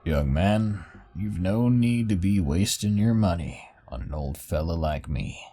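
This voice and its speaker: Kindly old bar regular, folksy and quiet, dark tone; a man does the voice. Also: sits low, expressive, measured pace. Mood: gentle.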